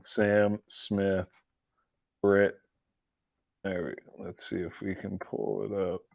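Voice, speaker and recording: Slow, low-voiced sarcastic male streamer. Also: flat delivery, gravelly, darkish tone, no echo. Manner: mocking and sarcastic, often laughing; restarts and repeats words. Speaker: livestream political commentary host. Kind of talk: casual live-streamed commentary.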